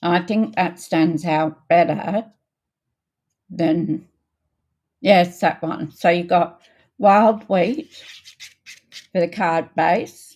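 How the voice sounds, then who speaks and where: An older woman hosting a casual card-making livestream, chatting in an unhurried way with many ums and greeting viewers by name. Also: fairly low pitch, darkish tone. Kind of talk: casual crafting livestream chat.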